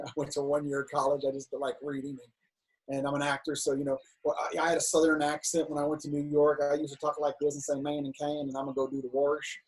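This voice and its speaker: Guest, male, middle-aged, a little husky and fairly high, frank and unpolished, with many false starts. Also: monotone, quick pace, low-quality recording. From United States, Cincinnati. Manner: frank, talks through restarts and stammers. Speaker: filmmaker and actor, guest. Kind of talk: candid interview storytelling.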